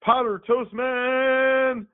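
A man voicing a bombastic male cartoon superhero, with loud booming declarations. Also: flat delivery, very slow, heavily acted. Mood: heroic. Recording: phone-like, dry sound.

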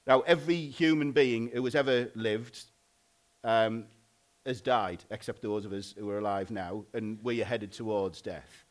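A married man preaching a sermon in a loose, conversational way, often pausing and restarting. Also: on the low side. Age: adult, married. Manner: informal, conversational, frequent "like" and restarts.

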